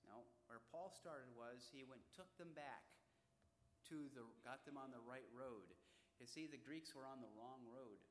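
A man's voice: mid-range voice, measured pace. An older man teaching a Bible class to young students in a plain, conversational way. He keeps asking the room rhetorical questions and answering them himself. His voice carries a long echo, with faint background noise. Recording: echoey hall.

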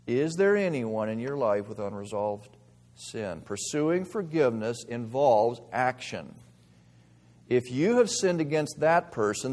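A man's voice: medium pitch, gravelly. Earnest preacher man in reverberant hall. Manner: earnest, shifts between quiet reflection and emphatic stress. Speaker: pastor. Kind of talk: sermon. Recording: long reverb of a large hall.

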